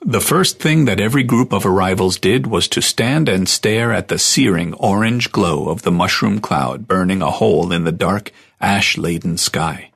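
Deep gravelly male audiobook narrator. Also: a bit bright. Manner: measured storytelling.

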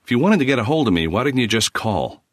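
A man's voice: medium pitch, big pitch swings, fast talker, dry recording, clean studio sound, voice pushed up. A man voicing a young office writer who talks in a sarcastic, bitter way. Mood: exasperated.

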